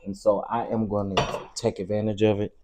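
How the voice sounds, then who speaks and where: A man's voice: fairly low pitch, level tone, fairly quick, background noise. Chatty Southern man cooking at home. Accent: Southern American. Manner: chatty, calls viewers "baby" and "y'all". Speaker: cooking show host. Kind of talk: casual cooking livestream. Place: home kitchen.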